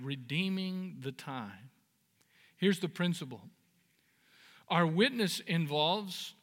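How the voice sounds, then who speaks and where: High, bright-voiced preacher in a reverberant hall. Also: male voice. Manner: earnest preaching, building to emphatic peaks; folksy storytelling with jokes. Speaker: pastor. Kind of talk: sermon.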